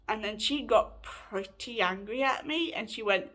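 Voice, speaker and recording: A woman's voice: mid-range voice, expressive, fast, few pauses, fairly bright tone. A woman in her late twenties telling a personal story to camera in a chatty, rambling way, often correcting herself, recorded indoors at home. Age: late 20s. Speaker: vlogger.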